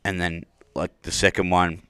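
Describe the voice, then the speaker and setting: Deep-voiced podcast host. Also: male voice, little pitch movement, moderate pace, a bit bright, smooth, dry recording, studio quality. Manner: easygoing, fillers like "like" and "you know". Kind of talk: casual interview chat.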